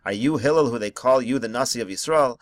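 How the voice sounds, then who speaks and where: A man's voice: medium pitch, quick pace, dry recording. A man teaching a text-study lesson, reading each phrase of the original and then translating it into plain English. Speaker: Talmud teacher. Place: home study screencast.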